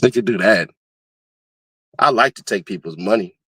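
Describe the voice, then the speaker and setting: A man hosting casual commentary, talking animatedly and laughing often, now and then breaking into high-pitched screaming bits. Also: normal speed, fairly bright tone, husky, dry recording. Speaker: commentary host.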